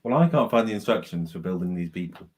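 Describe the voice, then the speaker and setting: A man giving brief, low-key replies while building. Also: lively intonation, quick pace, darkish tone. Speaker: co-host of a live building stream. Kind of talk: casual chat while building. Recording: faint background noise and clicks.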